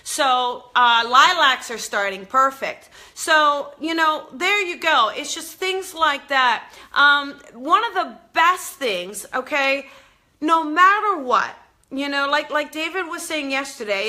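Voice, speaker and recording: A woman's voice: high voice, expressive, a little slow, bright, forceful tone. A woman hosting a casual live stream, chatting upbeat with viewers while she walks from her home out to her backyard garden. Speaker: host.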